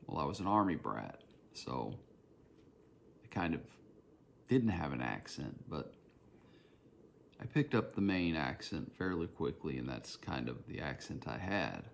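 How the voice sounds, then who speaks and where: A man's voice: extremely low pitch, sing-song, a little slow, gravelly, long pauses, a little hiss or hum. A man with a Southern Georgia accent, hosting his own podcast in a reflective, rambling solo monologue. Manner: reflective, meandering, personal storytelling. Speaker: podcast host.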